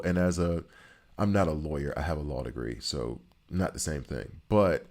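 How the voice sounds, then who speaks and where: A man's voice: deep voice, darkish tone. A man giving casual, rambling commentary while playing a video game, joking and repeating himself for emphasis. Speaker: gaming streamer.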